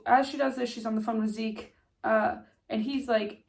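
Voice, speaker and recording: A woman's voice: on the high side, steady tone, normal speed, vocal fry. Stuffy-nosed woman chatting through a recap. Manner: chatty, lots of "like" and "um" fillers. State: stuffy nose. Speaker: TV recap vlogger. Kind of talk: casual spoken recap.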